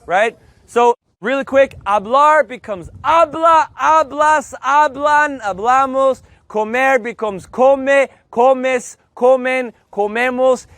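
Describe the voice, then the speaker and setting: A man with a very high voice teaches Spanish to a group of learners in a classroom. He is energetic and joking, and he drills words loudly for the class to repeat. The sound is dry and close, with almost no room echo. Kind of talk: live group language lesson. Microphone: loudspeaker mic.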